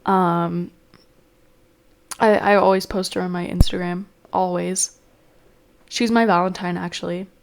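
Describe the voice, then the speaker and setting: A woman's voice: fairly low pitch, fairly even intonation, unhurried, vocal fry, pauses often, background noise. A young woman rambling casually to camera in a vlog, chatty and full of fillers. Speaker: vlogger. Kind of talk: casual chat.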